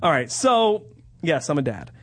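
Animated Jersey-accented man telling crude stories. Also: a little high, normal speed, a crowd in the background. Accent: New Jersey. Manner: animated storytelling, profane, lots of laughing. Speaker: radio show host. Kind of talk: crude comedic banter.

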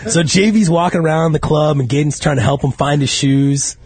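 A man's voice: a little high, a little fast. A man hosting a podcast, telling boastful stories in crude, casual banter. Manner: boastful storyteller, laughs at his own jokes. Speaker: podcast host.

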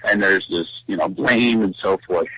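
A man's voice: sits low, pushed and bright, rough recording. A comedian with a Philadelphia accent calling in to chat, rambling and joking at his own expense. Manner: rambling, self-mocking, quick to joke. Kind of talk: casual phone-in chat.

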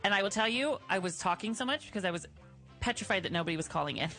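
A woman's voice: medium pitch, animated, rapid-fire, bright, forceful tone, faint music behind. A woman hosting a radio show, running a call-in game in a chatty, playful, teasing way.

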